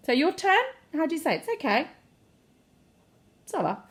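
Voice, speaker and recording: Lively woman teaching French. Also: normal speed, pauses often. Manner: encouraging, repeats phrases for the listener to echo; very animated pitch, plays with intonation. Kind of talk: children's language lesson.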